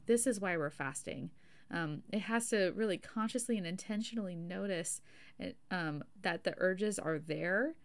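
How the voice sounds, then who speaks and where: Woman podcast host, chatty and jokey about herself, lots of likes and you knows, mid-pitched voice. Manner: chatty, self-deprecating, laughs often, many fillers. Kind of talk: casual religious teaching podcast.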